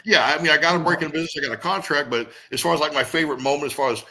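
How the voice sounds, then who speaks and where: A man's voice: fairly high pitch, rapid-fire. A man, a former pro wrestler, telling stories as an interview guest in a rambling, casual way with lots of fillers. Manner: animated, rambling storyteller with many fillers.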